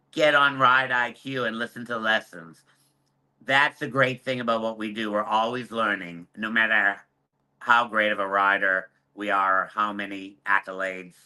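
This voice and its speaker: A man's voice: on the low side, bright, forceful tone. A man, a horse trainer and show judge, earnestly explaining his views as a guest over a video call, repeating his key points for emphasis. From United States. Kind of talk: expert guest answering questions.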